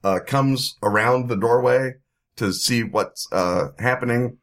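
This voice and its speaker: A man's voice: mid-range voice, unhurried, fairly bright tone. A man narrating as game master for a tabletop game, rambling with fillers and sound effects.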